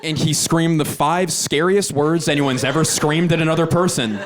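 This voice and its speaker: A man in his thirties doing stand-up storytelling on a theater stage, animated and jumping into high squeaky voices. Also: moderate pace, a crowd in the background. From Philadelphia, USA. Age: 30s. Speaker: stand-up comedian. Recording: loud audience laughter behind.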